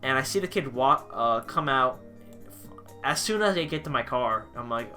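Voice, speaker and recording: A young man with a bright, sharp voice rambles through a storytime rant, exasperated and casual. He swears offhandedly and keeps circling back to his point, over faint background music. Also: medium pitch, lively intonation, normal speed. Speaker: vlogger, pizza delivery driver.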